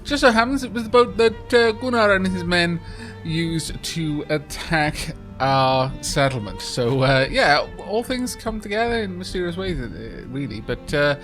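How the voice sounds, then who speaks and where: A man's voice: on the high side, lively intonation, unhurried, fairly bright tone, soft background music. A man hosting a game let's play, chatting casually with many fillers and reading the game's dialogue aloud. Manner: chatty, many ums and uhs, reads game text aloud.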